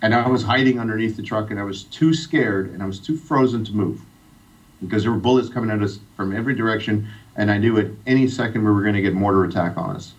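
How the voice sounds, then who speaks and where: A man's voice: on the low side, fast talker. A middle-aged man from Iran telling a heartfelt personal story as a guest on a radio interview. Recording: distant, dull radio sound.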